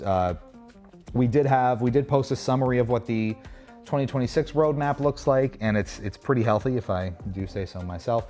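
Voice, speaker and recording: A man with a medium-pitched, darkish voice narrates a casual livestream walkthrough of a convention show floor at normal speed, soft music playing in the background. As host he rambles, chats with viewers, restarts himself and wanders into asides.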